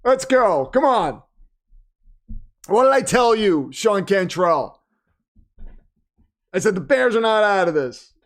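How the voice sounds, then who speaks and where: Man, high voice, excitable live stream host, exclaiming, reading chat, voice wearing out. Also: slow, pauses often. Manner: animated, exclaiming, reads chat aloud. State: losing his voice. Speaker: livestream host. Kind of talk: excited live game watch-party commentary.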